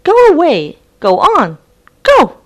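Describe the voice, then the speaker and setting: A woman voicing a kind young woman who coaxes her cat down, high and sing-song. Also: very animated, slow pace, full character voice. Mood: shooing.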